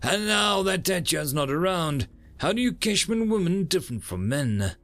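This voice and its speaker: A man voicing a young female Marine who talks in a wry, teasing way, pitched higher than his own voice. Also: sing-song, moderate pace, fairly bright tone, faint music behind, exaggerated voice. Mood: curious.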